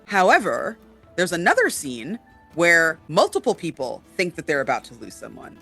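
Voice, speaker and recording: A woman's voice: low voice, big pitch swings, moderate pace, vocal fry, fairly bright tone, slightly rough, faint music behind. A woman co-hosting a casual chat about tabletop games, with lots of fillers, often checking in with "right?". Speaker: podcast co-host.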